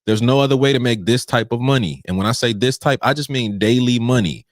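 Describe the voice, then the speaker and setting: A man's voice: mid-range voice, brisk, dry recording, clean studio sound. A man hosting a live pre-market trading stream, talking straight to his viewers with playful, preachy energy. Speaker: trading show host.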